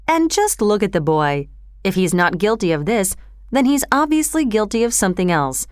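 A woman's voice: mid-range voice, sing-song, normal speed, dry recording, clean studio sound, lightly acted. A woman voicing a stern, scornful older male magistrate who talks in a curt, dismissive way in a storybook reading.

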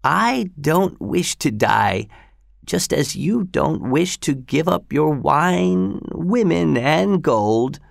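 A dying old man speaks in a frail, breathy voice, as a male reader puts him on, pitched well above the reader's own. His words come slowly and strangely, with a proud, knowing edge. The recording is dry and close. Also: very animated, no echo, heavily acted. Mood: urgent, weak. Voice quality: weak, breathy.

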